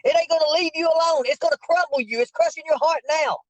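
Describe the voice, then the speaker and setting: A man's voice: very high voice, quick pace, no echo, rough recording. Guy preaching at someone, keeps repeating himself, dry close sound. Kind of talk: heated confrontation over a call.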